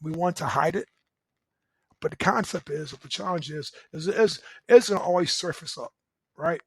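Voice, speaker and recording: Middle-aged man, high voice, loud and emphatic, motivational coaching talk, dry close sound. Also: normal speed, husky, no echo, low-quality recording. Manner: loud and emphatic, keeps asking "right?". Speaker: relationship coach and show host.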